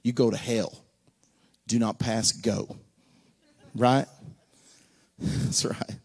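A man preaching a sermon, folksy and joking, with sudden shouts and hushed asides. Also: mid-range voice, little pitch movement, drawn-out words, slightly rough. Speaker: pastor.

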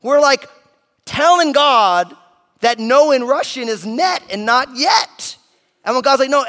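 Animated high-voiced male pastor preaching. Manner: animated storytelling with quick asides to the congregation. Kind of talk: sermon. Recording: long hall reverb.

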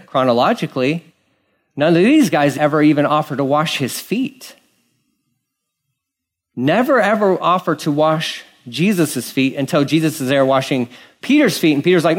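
A man delivers a sermon in an animated style. His slightly high voice rises and falls widely as he acts out quoted characters, then drops to hushed, earnest lines. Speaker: pastor.

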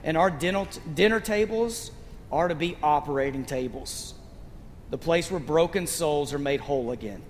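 A man's voice: on the high side, normal speed, long reverb tail, slight background noise. A male pastor preaching a sermon in a conversational, storytelling way.

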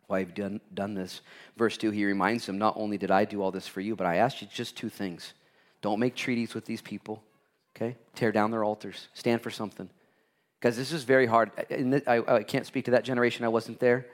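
A male pastor preaching a sermon, swinging from loud, high exclamations to quiet, near-whispered lines and acting out quoted dialogue with God. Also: steady tone, fairly quick.

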